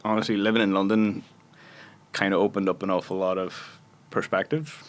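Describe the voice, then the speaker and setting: A man's voice: sits low, level tone, moderate pace. A Northern Irish man in his thirties, a guest actor telling chatty anecdotes on a podcast and laughing often. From Northern Ireland. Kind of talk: casual podcast chat.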